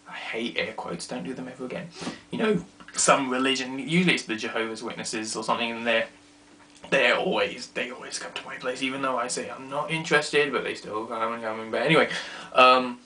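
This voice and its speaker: A young man telling a rambling, self-mocking story to camera in a casual vlog, now and then dropping to quiet asides. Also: medium pitch. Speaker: vlogger.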